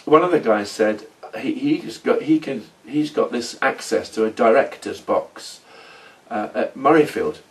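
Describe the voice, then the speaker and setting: A middle-aged man telling his story in a rambling, halting role-play monologue. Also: medium pitch, recorded from a distance. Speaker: former oil company manager in a role-play.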